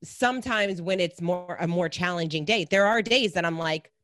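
Chatty, animated woman podcast guest. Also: fairly low pitch, normal speed, no room sound, studio quality. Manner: animated, acts out her own thoughts in quoted voices. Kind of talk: casual conversation.

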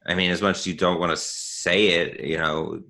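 Very deep, bright-toned man. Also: little pitch movement, moderate pace, creaky. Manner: thoughtful, hesitant, with "um" and "you know". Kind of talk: casual conversation.

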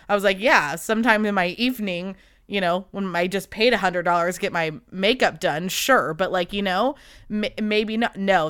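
A young woman talks through a casual solo podcast, animated and chatty, laughing often. Her voice is bright and crisp, smooth and clear. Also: medium pitch. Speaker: podcast host.

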